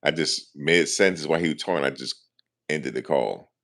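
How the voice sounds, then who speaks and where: Deep gravelly man telling a slangy story. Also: normal speed. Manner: animated, slangy, lots of "you know what I'm saying". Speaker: vlogger. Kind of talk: casual vlog storytelling.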